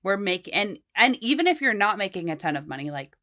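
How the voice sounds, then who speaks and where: A woman's voice: medium pitch, sing-song, quick pace, bright, forceful tone. A woman hosting a podcast, chatting casually and encouraging her guest. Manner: encouraging, frequent short affirmations. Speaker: podcast host. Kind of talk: casual chat.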